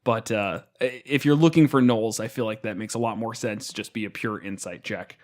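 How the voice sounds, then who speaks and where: A man's voice: lowish voice, brisk, a little mellow. A man co-hosting a podcast, chatting casually about a tabletop game with lots of fillers and restarts. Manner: rambling, many fillers and restarts. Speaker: podcast co-host.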